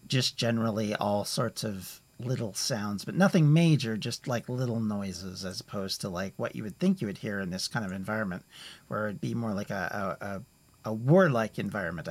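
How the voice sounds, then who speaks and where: A man narrating a tabletop game as game master, rambling and halting as he searches for words. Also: lowish voice. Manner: rambling, halting, many fillers and restarts.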